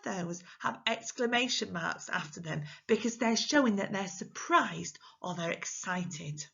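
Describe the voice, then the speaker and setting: A woman teaching young children in a recorded lesson, speaking slowly and clearly with an English accent and acting out her examples in an exaggerated, expressive voice. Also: medium pitch, muffled recording. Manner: slow, clear, encouraging talk to small children. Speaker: primary school teacher.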